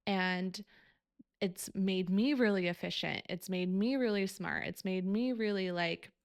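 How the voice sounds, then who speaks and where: Young woman podcast host, candid and emotional, swears freely, some vocal fry, dry close recording. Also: mid-range voice, measured pace, dry recording. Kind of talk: personal storytelling.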